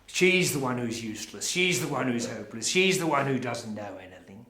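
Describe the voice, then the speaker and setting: An actor with an Australian accent playing a showy, evasive middle-aged crusade leader in a theatre monologue, chatting straight to the audience. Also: male voice, mid-range voice, animated, a little fast, a crowd in the background, natural voice. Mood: confiding. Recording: roomy, echoey.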